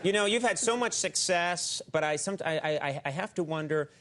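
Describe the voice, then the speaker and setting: A man hosts a talk show and keeps teasing his guest with quick jokes. His voice sits high for a man. A faint hiss runs under the recording. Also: a bit bright. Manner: joking, quick asides and playful teasing. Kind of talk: comic interview.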